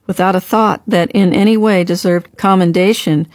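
A woman narrating a devotional story in a calm, reverent, measured audiobook reading. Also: fairly low pitch, no room sound, clean studio sound.

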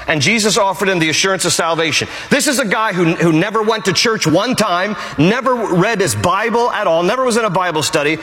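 A man's voice: high-pitched, animated, a little fast, hardly any pauses, sharp tone, in a large hall. A male pastor preaching a sermon emphatically and repeating his key phrases.

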